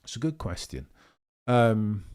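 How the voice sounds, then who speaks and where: A man's voice: on the low side, sing-song, a little slow, a little mellow, smooth. A young man hosting a live watchalong stream, chatting casually and answering viewers' messages. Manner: chatty, reads chat messages aloud and answers them. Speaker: livestream host.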